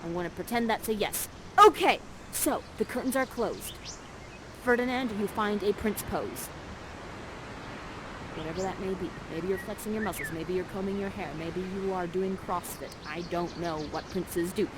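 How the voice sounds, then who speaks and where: Amid a noisy background, a woman with a mid-range voice steers players through an interactive play at a moderate pace. She speaks upbeat and teasing into a headset mic, offering playful stage direction.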